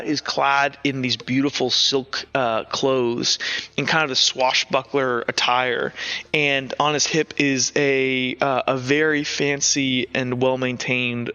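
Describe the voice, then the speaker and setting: A man's voice: mid-range voice, bright, forceful tone, smooth. A man narrating a tabletop game as game master, rambling and full of fillers. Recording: dull lo-fi audio.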